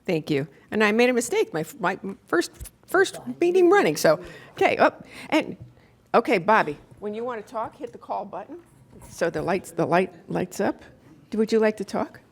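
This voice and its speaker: A woman's voice: mid-range voice, lively intonation, fairly quick. Woman, county mayor, emotional, chatty, self-correcting, chairing a meeting in a commission chamber. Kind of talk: emotional thank-you remarks.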